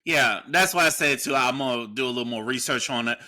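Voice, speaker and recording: A man's voice: medium pitch, fast, bright, forceful tone. A man co-hosting a casual podcast, laid-back and agreeable, asking a guest questions.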